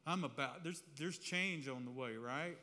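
Man preaching a testimony, animated and conversational, fairly high voice, long hall reverb. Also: a little slow. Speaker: speaker giving a testimony. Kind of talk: sermon-style testimony storytelling. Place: church hall with a live audience. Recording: reverberant hall, faint room noise.

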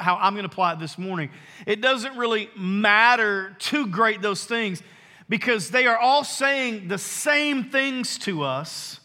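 Male pastor preaching in a church, higher voice, punchy and earnest, slows to hammer points home, reverberant hall sound. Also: bright, forceful tone. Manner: earnest, emphatic preaching with slowed, stressed phrases. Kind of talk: sermon. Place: church sanctuary.

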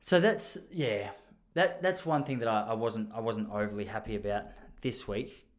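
A man's voice: on the low side, moderate pace. A young man with an Australian accent telling a comic story in a rambling, self-mocking way, as a podcast host.

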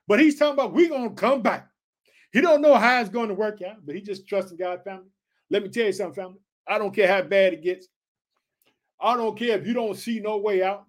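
A man preaching with fervent excitement, reading scripture aloud and calling his listeners family. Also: high-pitched. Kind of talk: excited Bible-reading sermon.

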